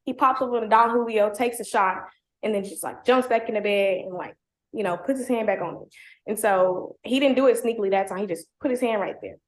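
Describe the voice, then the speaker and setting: A woman's voice: medium pitch, brisk. A young woman telling her own story in casual, slangy talk, packed with "like" and blunt language, in a roomy, echoey recording. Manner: heavy "like" fillers, slangy, blunt. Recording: roomy echo.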